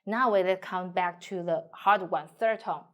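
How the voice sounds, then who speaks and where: A woman's voice: on the low side, moderate pace, a bit bright. A woman teacher with a Mandarin Chinese accent, speaking in simple English and modeling tones in a singsong way. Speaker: language teacher. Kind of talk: slow explanatory lesson.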